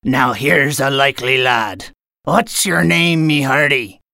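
A woman voicing a gruff grown male pirate captain in a storybook reading, with growling pirate talk. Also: very deep voice, slow pace, pushed and bright, dry recording, studio quality, heavily acted.

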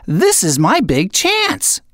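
A woman voicing an eager, excited young boy who dreams of being a pirate in a read-aloud storybook. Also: medium pitch, slow, no room sound, clean studio sound, voice pushed up.

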